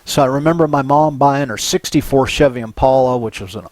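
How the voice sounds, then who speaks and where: An older man from Southern California giving a psychology lecture, telling animated personal stories and often checking in with "right?". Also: medium pitch, a little fast, no echo. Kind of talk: recorded university lecture.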